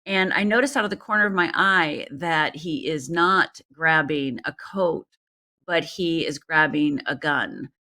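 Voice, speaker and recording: A middle-aged woman from Upper Michigan, a life coach, is a guest on a podcast in Los Angeles, telling a personal story. Her low voice is unhurried yet pushed and bright, and she speaks earnestly, straight to the host.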